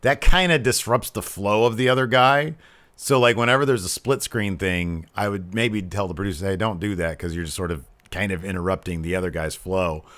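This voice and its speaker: A man co-hosts a wrestling podcast, reviewing matches in casual chat, laughing easily and wandering into asides. He has a low, slightly bright voice and talks a little fast. The recording is dry.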